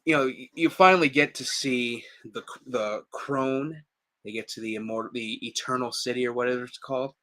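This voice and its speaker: Bright-sounding guy cohosting a podcast, super animated, keeps laughing and doing voices. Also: mid-range voice, brisk. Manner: animated, laughs often, acts out quotes in raised voices. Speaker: podcast co-host. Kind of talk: casual chat.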